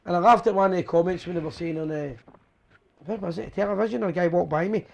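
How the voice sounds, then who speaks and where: A Scottish man with a high voice rattles through his talk at a brisk clip. He hosts a casual chat show, rambling and joking, and keeps tagging questions onto his stories. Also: creaky. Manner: fast, rambling and jokey, with constant tag questions. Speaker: host of a fan chat show and phone-in.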